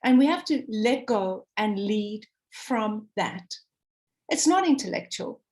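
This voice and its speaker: A South African woman speaks slowly on a video call, her mid-range voice darkish in tone with lively intonation. Telling a heartfelt story with passion, she acts out people's words, her voice swinging up and down for the call audience.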